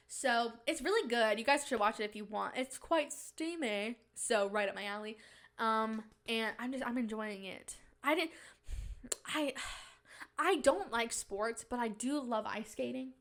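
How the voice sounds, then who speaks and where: A woman's voice: fairly high pitch, unhurried, fairly bright tone. A woman hosting a podcast in casual, rambling chat, giggly, with playful mock-indignant rants. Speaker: podcast host.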